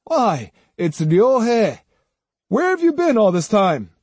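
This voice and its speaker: A man's voice: high-pitched, big pitch swings, drawn-out words, darkish tone, breathy edge, dry recording, voice pushed up, heavily acted. A man voicing a pushy, demanding male fencing student who speaks brusquely.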